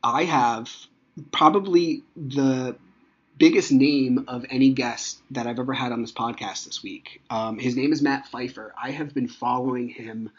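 A man's voice: medium pitch, fairly even intonation, a little slow, slightly rough, dull audio. A man in his thirties hosting a podcast, talking casually and at length with many fillers. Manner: rambling, conversational, many fillers. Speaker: podcast host. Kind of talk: personal monologue, casual.

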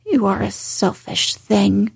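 Woman reader playing a spoiled sickly boy; sulky, breathy, slow storybook whine. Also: mid-range voice, no room sound, clean studio sound, heavily acted. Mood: petulant. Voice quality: breathy whisper. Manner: sulky, self-pitying.

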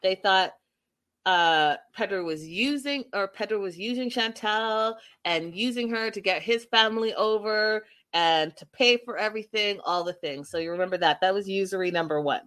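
A woman's voice: medium pitch, moderate pace, a bit bright. A woman chatting casually to her viewers as she recaps a show, often turning to them directly. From Canada.

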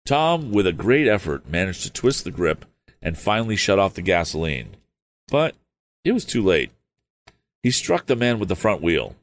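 Deep-voiced man reading a novel aloud. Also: sing-song, moderate pace. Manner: hesitant, apologetic asides between narration. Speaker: audiobook reader.

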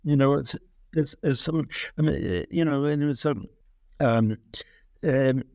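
Slow, hesitant scholarly man. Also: mid-range voice, dark tone, dry recording, clean studio sound. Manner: hesitant, many restarts and fillers. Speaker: author being interviewed. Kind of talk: scholarly interview answer.

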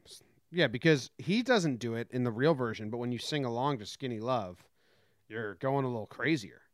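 A man co-hosting a casual talk show, wry and animated, mock-singing snippets as he talks. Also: medium pitch, moderate pace, no echo, clean studio sound. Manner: wry, animated storyteller, mock-sings bits. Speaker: podcast co-host. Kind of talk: casual chat.

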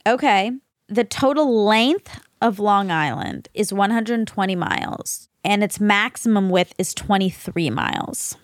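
Playful, lively-voiced female co-host. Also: mid-range voice, measured pace, no room sound, studio quality. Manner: playful, teasing, lively intonation. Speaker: podcast co-host. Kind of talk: casual chat and reading fact-checks.

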